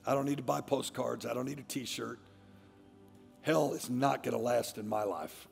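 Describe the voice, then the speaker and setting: A middle-aged man, a pastor, preaching a fiery sermon that swings from hushed tones to shouting. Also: medium pitch, moderate pace, creaky. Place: large church sanctuary. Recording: long church-hall reverb, faint music.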